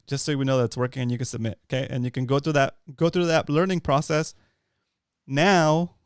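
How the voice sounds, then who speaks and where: Upbeat male co-host with a smooth voice, coaching viewers in casual talk, close and dry. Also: mid-range voice, no room sound. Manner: upbeat, coaching listeners with repeated "okay?". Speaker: co-host of a fishing talk show. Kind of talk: casual livestream chat.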